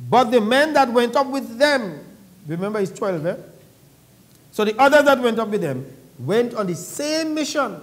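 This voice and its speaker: High-voiced man preaching a sermon. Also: lively intonation, moderate pace. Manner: reads scripture aloud and explains it conversationally; asks the congregation questions. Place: church.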